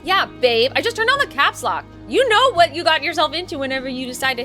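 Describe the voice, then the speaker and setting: Loud bubbly young woman streamer. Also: high voice, lively intonation, a little fast, faint music behind. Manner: loud, playful and bubbly, yelling then dropping to soft asides. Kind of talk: casual live-stream chat with viewers.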